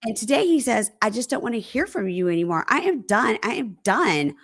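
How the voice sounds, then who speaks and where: A jilted woman venting in exasperated, dramatic outbursts, as a woman acts her out. Her voice swings widely in pitch, with a gravelly edge. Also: big pitch swings, a little fast, heavily acted. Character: fed-up jilted woman ranting about men.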